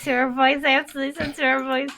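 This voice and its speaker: A woman's voice: high voice, little pitch movement, fast, vocal fry, bright, forceful tone, slight background noise. A woman guest in a casual chat, hesitant and shy, giving short answers. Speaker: workshop guest.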